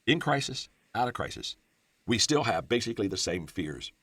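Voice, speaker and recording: A man's voice: on the low side, very animated, moderate pace, fairly bright tone. A man giving a motivational talk on leadership, stressing and repeating key phrases and often restarting with "I, I". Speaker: leadership speaker.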